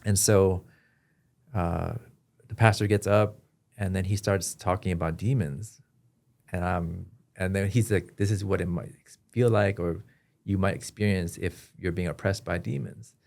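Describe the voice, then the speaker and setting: A man as a podcast guest, telling his personal story in an earnest, halting way with frequent restarts. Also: low voice, fairly even intonation, creaky, darkish tone. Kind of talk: personal testimony in an interview.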